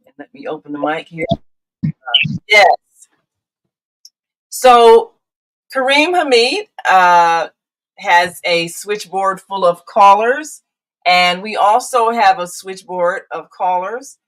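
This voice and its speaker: A woman's voice: medium pitch, expressive, slow, long pauses, a bit bright, low-quality recording. An older woman hosting a live call-in talk show, chatty, with frequent fillers and restarts. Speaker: show host.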